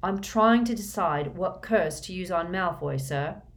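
A woman's voice: mid-range voice, expressive, moderate pace, pitched above the performer's own voice, natural voice. Harry Potter, a woman voicing a sarcastic defiant boy. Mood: sarcastic defiance. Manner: sarcastic and fierce.

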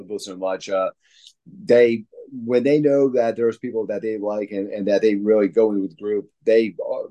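Mellow-voiced man rambling casually. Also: on the low side, highs cut off. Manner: rambling, filler-heavy, enthusiastic fan talk. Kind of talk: casual chat.

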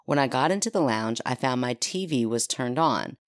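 A chatty woman hosting a podcast, her voice sitting very low. She talks casually with quick asides and laughs, then reads a listener story aloud. The sound is dry and close. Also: animated, no room sound. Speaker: podcast host.

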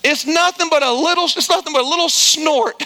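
A man's voice: extremely high pitch, brisk, pushed and bright. A middle-aged man preaching a sermon, telling comic stories with chatty, self-deprecating asides. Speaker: pastor.

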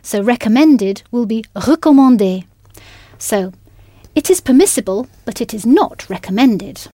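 A woman's voice: fairly high pitch, expressive, unhurried, dark tone, no room sound, studio quality. A woman teaching a language in a scripted audio lesson, patient and encouraging, spelling words out letter by letter.

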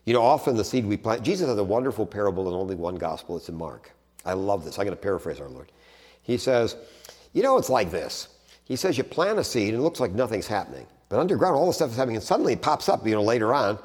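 Lowish man teaching theology in a reverberant hall. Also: fast. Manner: conversational, repeats and restarts phrases, animated emphasis. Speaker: theology lecturer.

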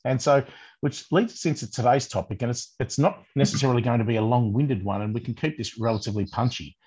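A man's voice: mid-range voice, quick pace, a little mellow, slightly rough. An Australian man co-hosting a coaching podcast, easygoing, with dry humor. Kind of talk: casual chat.

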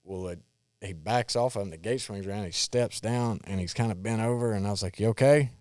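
A man's voice: on the low side, a little fast, a little mellow, dry recording, studio quality. A man telling rodeo stories in a plainspoken, drawling way, swearing casually. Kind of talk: casual storytelling chat.

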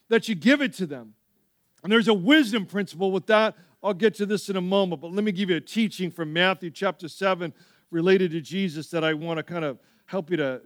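A male pastor preaching a sermon, telling stories with lively asides to the church. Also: sits high, no room sound, studio quality. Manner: animated storytelling with frequent asides.

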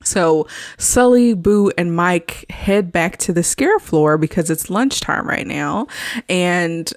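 A woman's voice: on the low side, expressive, takes it slowly, no echo, studio quality. A woman hosting a podcast, casually recapping a film scene by scene and laughing often as she goes. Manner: chatty, laughs often while retelling scenes. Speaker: podcast host.

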